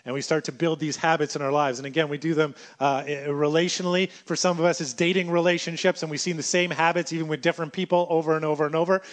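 A man preaching a sermon in an animated way, acting out everyday scenes as he talks. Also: a little high, fast talker, few pauses.

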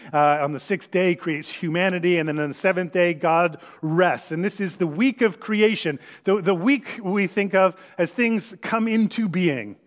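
Male pastor, slightly high voice, storytelling sermon delivery with hushed scripture readings.

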